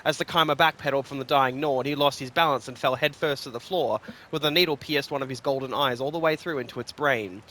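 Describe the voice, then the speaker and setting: A man reading fantasy lore stories aloud in an expressive, rhythmic storytelling manner. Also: medium pitch, quick pace, hardly any pauses. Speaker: lore reader.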